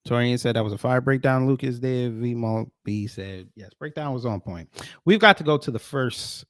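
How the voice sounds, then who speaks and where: A man hosting casual reaction commentary who talks to viewers directly, swinging between loud emphasis and muttered asides. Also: medium pitch, normal speed, no echo, studio quality. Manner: addresses viewers directly as folks. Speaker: commentary host.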